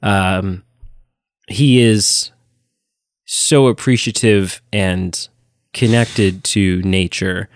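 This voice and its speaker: A man co-hosting a podcast in a casual, enthusiastic chat, his voice sitting on the low side. He talks emphatically and animates his retellings. The sound is dry and close. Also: fairly even intonation, extremely slow, long pauses, dry recording. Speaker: podcast co-host.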